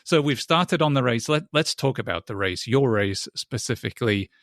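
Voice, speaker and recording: Male podcast host, mid-pitched, curious, winding questions, dry close sound. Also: lively intonation, moderate pace, fairly bright tone, dry recording. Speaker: interviewer. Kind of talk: podcast interview.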